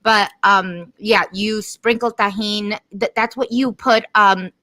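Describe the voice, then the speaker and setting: Bright-voiced woman on a video call. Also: mid-range voice, fairly even intonation, slow pace. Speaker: co-host. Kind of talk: casual chat.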